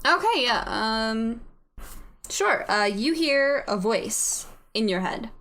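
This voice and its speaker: Lively game master woman. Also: a little high, takes it slowly. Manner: descriptive, with many fillers. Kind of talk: narrating a tabletop game.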